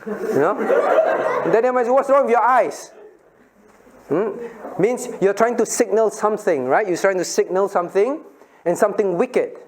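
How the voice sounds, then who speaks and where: A man's voice: sits high, moderate pace, a little mellow. A middle-aged male pastor leading a children's Bible lesson, asking questions, laughing often and acting out little scenes.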